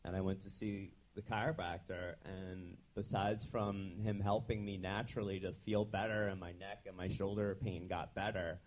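A man's voice: deep voice, flat delivery, moderate pace, few pauses. A young adult man, a chiropractor, telling his story in a casual interview with frequent ums and restarts. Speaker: chiropractor guest. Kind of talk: conversational interview.

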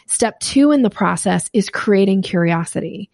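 Animated woman sales coach, gravelly edge. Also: mid-range voice, moderate pace, no room sound, studio quality. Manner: animated, acts out quoted voices. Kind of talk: podcast interview answers.

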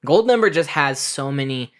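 A man co-hosting a casual podcast about movies, talking in lively bursts and swearing freely. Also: fairly high pitch, moderate pace. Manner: animated, swears freely, acts out quotes in bursts. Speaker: podcast co-host.

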